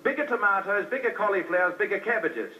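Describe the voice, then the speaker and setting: Preacher putting on a smug male official, high voice, muffled distant recording. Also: expressive, quick pace. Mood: boasting.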